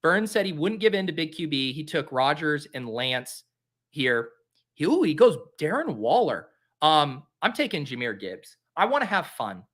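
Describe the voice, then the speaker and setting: A man's voice: fairly high pitch, sing-song, moderate pace, pushed and bright. A man hosting a fantasy football show, talking casually and mocking himself as he drafts live and talks to his viewers.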